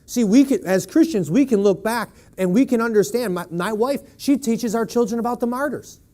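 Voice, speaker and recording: Male preacher, high voice, emphatic sermon, rhetorical questions, church. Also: normal speed, darkish tone.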